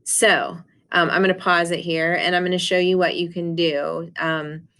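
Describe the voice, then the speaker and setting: Woman teacher, slightly low voice, loose and unscripted, lots of ums, for a recorded class lesson. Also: level tone, moderate pace, fairly bright tone, clean tone. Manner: casual, many ums and restarts.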